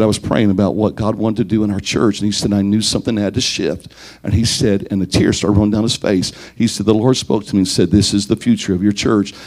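A man's voice: on the low side, darkish tone. A man telling a story as a sermon, earnest and building to an emphatic close. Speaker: minister.

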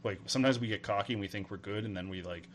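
A man in his thirties from Atlantic Canada, co-hosting a gaming podcast in animated casual chat. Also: lowish voice, slight background noise. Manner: animated, quick, laughs often. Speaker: podcast co-host.

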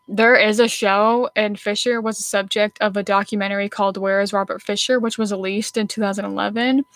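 A woman's voice: medium pitch, creaky, a bit bright, no room sound. Young woman reading a case, dry sound. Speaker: true crime presenter. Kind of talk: casual chat reading a case aloud.

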